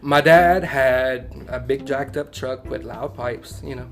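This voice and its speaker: A man with a Cajun accent tells a story from his own life as a podcast guest. His delivery is animated and casual, full of Southern turns of phrase and quick laughs. His voice sits at a middling pitch. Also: faint music behind. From Louisiana bayou country.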